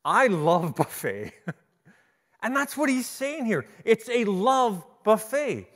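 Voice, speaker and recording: A middle-aged man preaching a sermon, telling stories in an animated way and often restarting his sentences. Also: high voice, slow. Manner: animated storytelling with repeated restarts. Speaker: pastor. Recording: long hall reverb.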